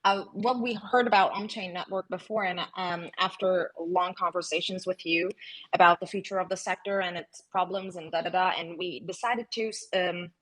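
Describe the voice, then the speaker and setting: A woman answering questions as an interview guest, hesitant and pausing often with "uh" and "um". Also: on the low side, steady tone, a bit bright, low-quality recording. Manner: hesitant, with frequent "uh" and "um" and restarts. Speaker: guest, project team member.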